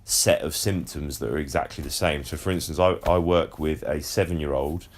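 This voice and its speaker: A man with a very low, deep voice hosts a relaxed podcast conversation. He explains things at length in a casual way, stumbling over repeated words as he gets going. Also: normal speed. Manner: chatty, swearing, repeats words when explaining. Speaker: podcast host.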